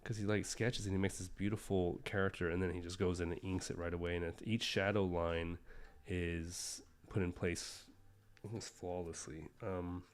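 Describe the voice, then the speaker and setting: A man's voice: deep voice, steady tone, normal speed, smooth. A man livestreaming while he sketches, rambling casually with lots of fillers and self-deprecating asides.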